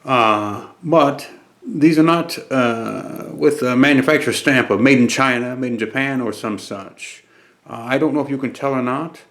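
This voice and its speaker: A man hosting a deadpan comedic monologue and answering viewer questions. He uses pompous, formal wording broken by frequent hesitant "uh" pauses. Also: medium pitch. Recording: very echoey room, mic far off.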